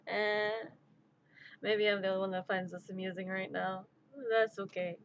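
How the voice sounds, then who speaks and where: A woman's voice: medium pitch, fairly even intonation, normal speed, muffled recording, slight background noise. A woman streamer chatting casually on a live stream, giggling and rambling, easily amused.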